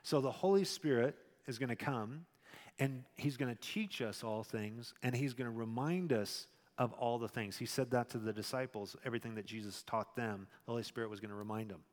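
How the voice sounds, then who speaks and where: A male pastor preaching a sermon in a conversational way, with loud emphatic stretches and quiet asides. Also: mid-range voice, brisk, long reverb tail.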